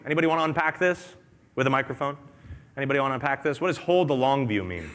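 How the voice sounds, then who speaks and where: An energetic man gives a conference talk to an audience, with a conversational delivery that keeps repeating its key lines. His voice sits at a medium pitch and carries a long reverb from a large hall. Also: very fast. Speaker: company presenter.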